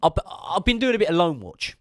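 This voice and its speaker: A man's voice: sits high, big pitch swings, a little fast, no echo, studio quality. A young man co-hosting a casual football podcast, bantering and recalling old players. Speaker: podcast co-host.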